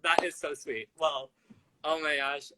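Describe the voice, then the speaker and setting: A man's voice: fairly high pitch, steady tone, unhurried, heavy background noise. A man hosting a casual live-stream interview over a video call, effusive and gushing with thanks. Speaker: interviewer, social media host.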